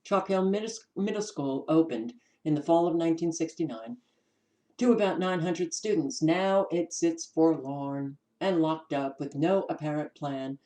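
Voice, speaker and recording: A woman with a New York accent, hosting her own channel and giving casual commentary as she reads from documents, pausing with ums and restarting words. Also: low voice, mellow, low-quality recording. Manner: unhurried, stops to restart words, many ums. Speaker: channel host.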